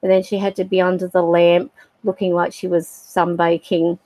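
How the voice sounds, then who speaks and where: A middle-aged woman telling a personal story on a livestream, halting and reflective with many fillers. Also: fairly low pitch, level tone, mellow, dry recording, poor audio. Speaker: spiritual livestream host.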